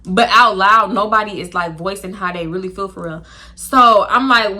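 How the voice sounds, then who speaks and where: A woman's voice: mid-range voice, normal speed. A young woman telling a casual, slangy story to camera and acting out the people in it. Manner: animated, slangy, swearing, acts out voices. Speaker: storytime vlogger.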